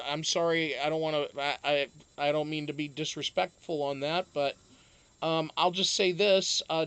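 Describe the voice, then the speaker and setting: A man hosting a casual live stream, chatting to viewers in a rambling way full of fillers, with sudden animated outbursts. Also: a little high, clear, resonant tone, no room sound.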